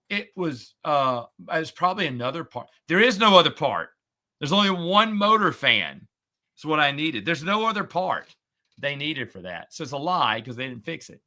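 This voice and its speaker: Bright-voiced chatty man telling a story. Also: fairly high pitch, fairly quick. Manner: chatty, sarcastic, animated when retelling. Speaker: podcast host and streamer. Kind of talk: casual chat.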